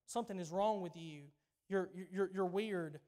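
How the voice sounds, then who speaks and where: Southern male pastor, high-pitched, emphatic conversational sermon delivery in church. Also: normal speed, dark tone. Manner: emphatic, conversational preaching with repetitions.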